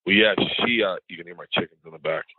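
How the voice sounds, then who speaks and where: A middle-aged man, a comedian guest at home, telling rambling, animated stories in a casual interview. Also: sits low, quick pace, husky, no room sound. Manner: rambling, animated storyteller who mimics others in conversation. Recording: tinny phone-like line.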